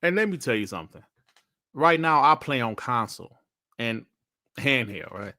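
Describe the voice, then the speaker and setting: A man's voice: medium pitch, expressive, normal speed, bright, forceful tone. A man hosting a casual gaming podcast, ranting bluntly with plenty of slang and swearing. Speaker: podcast host.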